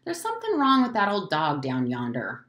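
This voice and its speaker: A woman's voice: low voice, wildly swooping pitch, moderate pace, fairly bright tone, roomy sound, heavily acted. A woman reading aloud and voicing an earnest, worried young Southern boy in dialect.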